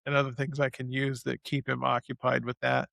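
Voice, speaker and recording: A man guest in an interview, telling a personal story in an animated way, speeding up and slowing down as he goes. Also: mid-range voice, no room sound. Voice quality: gravelly.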